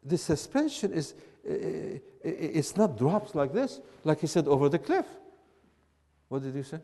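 A man, teaching a class in an emphatic, animated way and repeating his points. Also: fairly high pitch, normal speed, big-room sound. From Syria. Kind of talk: classroom lecture with banter.

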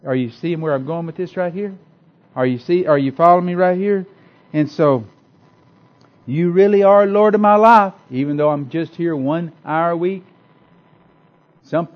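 A man preaching a sermon with passion, repeating phrases and swinging between loud declarations and hushed asides. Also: on the high side, a little slow, long pauses, dull audio.

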